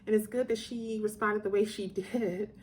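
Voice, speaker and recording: A middle-aged woman telling a personal story to her viewers, chatty and digressive, getting animated when she recalls moments. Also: mid-range voice, moderate pace, a little hiss or hum. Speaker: vlogger telling personal stories. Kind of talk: casual storytelling to camera.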